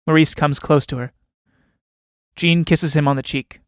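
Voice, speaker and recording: A man reads a play aloud and gives the stage directions in a plain, even way. The recording is dry and close. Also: fairly high pitch, measured pace, clean tone, no echo. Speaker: reader.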